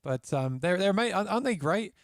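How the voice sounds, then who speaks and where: A man's voice: sits high, expressive, fast talker, dry recording, clean studio sound. A man from England, a musician guest, chatting casually on a video stream and often repeating words as he restarts sentences.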